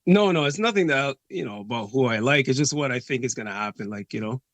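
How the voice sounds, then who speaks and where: A man's voice: mid-range voice, animated, quick pace, no room sound. A young man with a Caribbean accent, calling in over video and talking hesitantly, full of fillers like "like" and "you know". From Canada. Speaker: caller. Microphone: video call.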